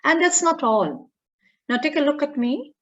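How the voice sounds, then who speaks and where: A woman teacher reading aloud the lines of an overconfident male intruder from a play, in a brisk, raised voice. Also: high-pitched, expressive, fairly bright tone, voice pushed up. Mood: scornful. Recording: dull lo-fi audio.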